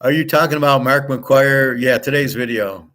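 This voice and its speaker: A man's voice: medium pitch, normal speed, sharp tone. A man hosting his own show, ranting in a fed-up, profane monologue and reading out his own comments. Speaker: sports betting and gold commentary host.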